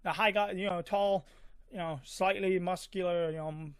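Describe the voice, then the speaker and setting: A man's voice: high-pitched, steady tone, moderate pace, clean tone, no echo, studio quality. A man casually telling a personal story, rambling with many fillers and little sound effects. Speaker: vlogger.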